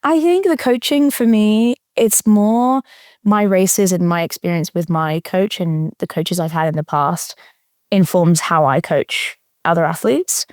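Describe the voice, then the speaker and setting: A woman's voice: lowish voice, a little slow, no room sound, studio quality. A young adult woman talking casually as an interview guest, thoughtful, with frequent fillers and restarts. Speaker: interview guest, marathon runner.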